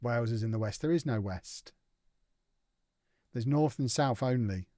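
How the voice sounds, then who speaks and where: A young man hosts a live gaming stream in a relaxed, chatty way. He teases his viewers with playful banter as he reads their messages aloud. His voice sits at an ordinary middle pitch and sounds dry and close, with no room echo. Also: moderate pace. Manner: playful, teasing banter reading out chat. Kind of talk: casual live-stream chat while gaming.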